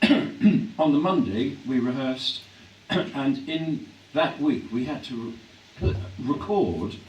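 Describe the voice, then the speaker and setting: An older English man reflecting on his acting career in a live on-stage interview, clearing his throat often as his voice grows hoarse. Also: medium pitch, lively intonation, takes it slowly, lo-fi sound. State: voice growing hoarse. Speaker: actor being interviewed. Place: hall at a public event. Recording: echoey hall from a distance, faint hum.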